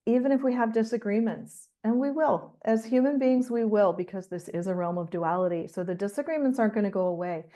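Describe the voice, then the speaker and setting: Calm middle-aged woman spiritual coach. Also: medium pitch. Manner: calm, measured, thoughtful. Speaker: spiritual coach and author, guest. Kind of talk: reflective conversational teaching.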